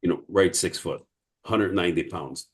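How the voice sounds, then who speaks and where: Low-voiced man with a Chicago accent, lively storyteller, guest on a casual interview. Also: normal speed. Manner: animated storyteller who acts out others' words.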